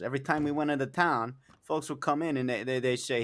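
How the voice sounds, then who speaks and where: A man's voice: medium pitch, brisk, hardly any pauses, a bit bright. A man telling long, rambling jokes in character during a roleplay, full of fillers and restarts, swearing casually.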